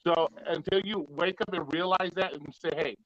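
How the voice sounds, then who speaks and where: A man hosting a heated livestream debate, his voice a bit higher than most men's. He swears freely and stumbles over repeats before pressing his point. The audio is dry and muffled, like a lo-fi call feed. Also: steady tone, normal speed, no echo. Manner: profane, repeats himself before making a point. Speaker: livestream host. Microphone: video call.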